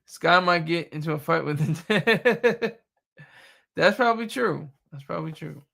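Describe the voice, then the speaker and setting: A man's voice: fairly high pitch, unhurried, gravelly, sharp tone. A young man from Delaware chatting casually on a livestream, joking, laughing often and rambling. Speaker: livestream host. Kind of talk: casual live chat.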